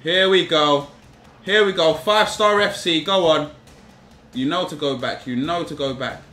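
A young man commentating live on his own football game, repeating himself and shouting in frustration at his players. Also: fairly high pitch, measured pace, reverberant. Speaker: gaming YouTuber.

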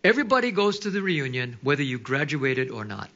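Male pastor, animated sermon storytelling, bright forceful tone, dull lo-fi recording. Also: mid-range voice, brisk, hardly any pauses. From Hawaii. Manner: animated storytelling, drops to hushed quoted asides.

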